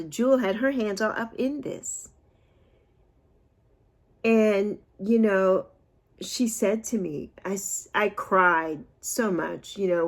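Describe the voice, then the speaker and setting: A woman in her sixties talking casually and emotionally to her viewers, rambling and laughing at herself. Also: fairly low pitch. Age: 60s. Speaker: vlogger. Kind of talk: unscripted talk to camera.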